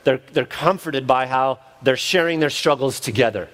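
A man's voice: medium pitch, moderate pace, fairly bright tone. A man preaching an expository sermon at his church, conversational and self-deprecating, with frequent restarts. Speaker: pastor.

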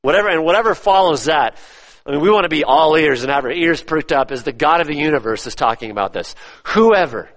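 A man preaching a sermon, emphatic, repeating his phrases and swinging between loud stresses and hushed drops. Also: on the high side, expressive, brisk. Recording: long reverb of a church hall.

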